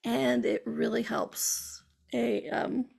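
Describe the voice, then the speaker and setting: High, gravelly, husky woman host. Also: fairly even intonation, slow, darkish tone. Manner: chatty storytelling, acts out her own inner dialogue. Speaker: show host. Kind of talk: spiritual talk show monologue.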